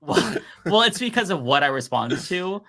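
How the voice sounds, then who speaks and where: Male panelist, bright and punchy, profane, animated rant delivery. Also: high-pitched, moderate pace, vocal fry. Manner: animated, profane, laughs while ranting. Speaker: podcast co-host. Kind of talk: casual political chat.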